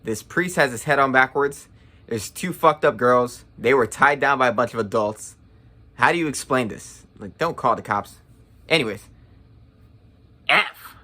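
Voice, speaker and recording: Young male vlogger, bright forward voice, blunt sarcastic ranter with a foul mouth. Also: medium pitch. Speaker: movie review vlogger. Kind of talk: casual ranting review.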